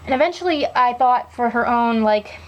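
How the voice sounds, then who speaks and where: Chatty young woman with a high voice. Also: animated, normal speed, highs cut off. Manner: chatty and rambling, with many fillers. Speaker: doll collector showing her collection. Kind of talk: casual show-and-tell chat.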